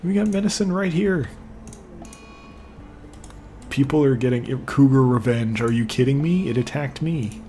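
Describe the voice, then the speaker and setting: A man's voice: medium pitch, lively intonation, a little slow, long pauses, warm tone, slight background noise. A young man giving let's play commentary, frustrated and swearing, rambling off into personal asides. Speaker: gaming channel host.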